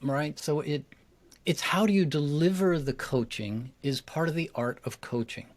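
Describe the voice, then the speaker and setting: A man who coaches public speaking, a guest in an interview, talking with energy and acting out his examples. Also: fairly high pitch. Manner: energetic and quick, acts out examples.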